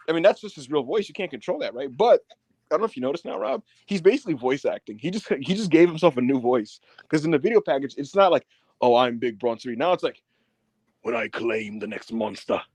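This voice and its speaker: A man's voice: fairly high pitch, dry recording. A man co-hosting a casual wrestling review podcast, retelling scenes with acted-out quotes and lots of profanity. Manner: animated storytelling with acted-out quotes. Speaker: podcast co-host.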